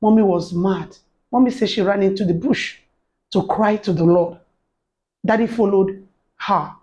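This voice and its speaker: A woman's voice: medium pitch, unhurried, warm tone, rough recording. Earnest woman giving testimony. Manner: earnest, preacherly, acts out quoted voices. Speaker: faith encouragement speaker. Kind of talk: personal testimony to camera.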